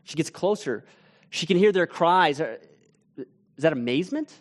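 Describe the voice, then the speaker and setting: A man on a church teaching team, telling a vivid story in a casual sermon with restarts and asides, sinking to a hush at tense moments. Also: fairly high pitch, expressive, unhurried.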